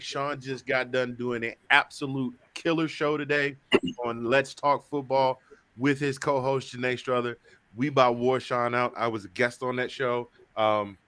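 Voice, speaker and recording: A chatty man hosting a sports talk stream, joking around and repeating himself as he talks. His voice is bright and forward, and the sound is dry and close to the mic. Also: medium pitch, clean tone, no echo. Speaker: show host. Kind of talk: casual sports talk show.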